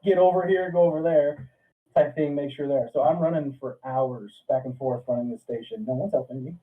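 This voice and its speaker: A man telling a profane, animated story in casual podcast chat. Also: medium pitch, fairly quick. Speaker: podcast guest. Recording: distant, phone-like sound.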